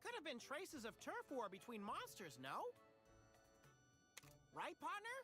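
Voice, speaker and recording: Bouncy little cat companion. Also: female voice, high-pitched, wildly swooping pitch, unhurried, full character voice. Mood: cheery, cocky. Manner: bouncy, exclamatory. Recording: game audio with loud music. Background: game soundtrack music.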